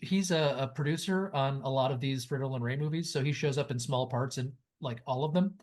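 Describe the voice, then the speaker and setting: A man's voice: medium pitch, fairly quick, a little mellow. A man co-hosting a podcast in casual chat, joking and reeling off movie trivia. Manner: jokey, trivia-heavy movie riffing. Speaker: podcast co-host.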